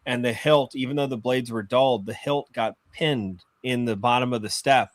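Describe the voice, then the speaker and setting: A film director in casual podcast chat, telling anecdotes and acting out the people in them. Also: male voice, medium pitch, moderate pace, dry recording. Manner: animated storyteller, acts out voices in anecdotes.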